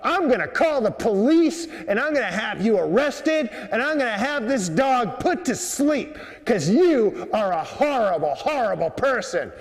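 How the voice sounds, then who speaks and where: A man voicing an indignant young woman with an East Coast accent, shrieking and slow, in an echoey subway station. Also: very high-pitched, pitched above the performer's own voice. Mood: outraged. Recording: echoey underground platform.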